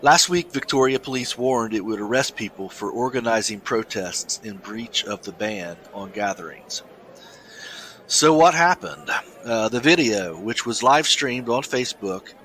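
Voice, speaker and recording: A man with a mid-pitched voice chats on a podcast and reads a news piece aloud. He halts and restarts often, feeling his way through each thought. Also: fairly bright tone. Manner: halting, many restarts, laughs easily. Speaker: podcast co-host. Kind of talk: casual chat, reading a news story aloud.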